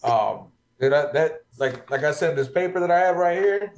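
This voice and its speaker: A man telling a story in a casual podcast chat, profane and animated. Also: a little high, moderate pace, vocal fry.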